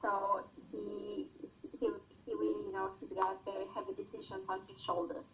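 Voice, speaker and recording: A woman's voice: mid-range voice, completely flat delivery, normal speed, creaky, background noise. A woman student answering in a class discussion, hesitating and searching for words.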